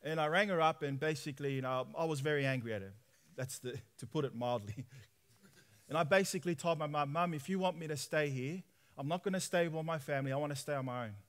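A man, preaching a personal testimony sermon in lively storytelling style, acting out dialogue. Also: a little high, quick pace. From Australia. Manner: animated storytelling, acts out dialogue with laughs.

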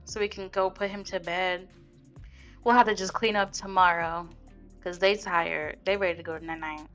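With faint music behind her, a young woman comments casually on her life-sim game as a Sims let's play host, chatty, slangy and amused by her characters' antics. She speaks with a fairly low, fairly bright voice, fairly even intonation and a moderate pace.

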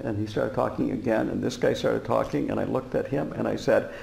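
A man giving a dharma talk as a Buddhist teacher, telling stories in a relaxed way with frequent fillers and chuckles. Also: mid-range voice, brisk, vocal fry, few pauses, a little hiss or hum. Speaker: Buddhist teacher and former prison chaplain. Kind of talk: dharma talk to a live audience. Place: meditation center hall. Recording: roomy hall reverb.

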